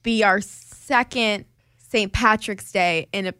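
A woman's voice: medium pitch, takes it slowly, sharp tone, clean tone, dry recording, clean studio sound. A young woman co-hosting a podcast in casual chat, upbeat and chatty. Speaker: podcast co-host.

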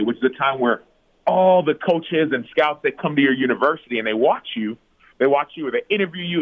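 A man in his thirties, a former pro football player, telling a personal story as a podcast guest and acting out his own past words. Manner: animated, acts out his own past words with big pitch jumps. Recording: phone-like narrow audio.

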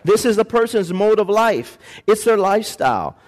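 A man pastor preaching a lively sermon in a church, acting out voices and calling for responses from the congregation. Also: high voice, moderate pace. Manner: animated preaching, acts out voices, call-and-response.

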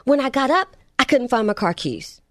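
Woman doing her college-age son, whiny and put-upon, lively swings in pitch. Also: moderate pace, no room sound, studio quality. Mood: frustrated. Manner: whiny, complaining. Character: frustrated young male college student.

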